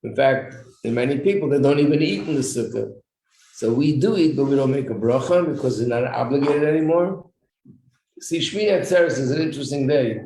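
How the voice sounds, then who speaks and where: A mellow, mid-range man's voice moves fairly quickly through an informal religious lesson, explaining customs and asking the small class questions while clearing his throat often. Echo from the room and faint noise come through in the recording.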